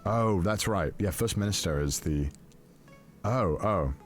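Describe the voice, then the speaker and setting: A man telling a story casually, excitable and self-mocking, with lots of fillers. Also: fairly low pitch, unhurried, soft background music. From Wales.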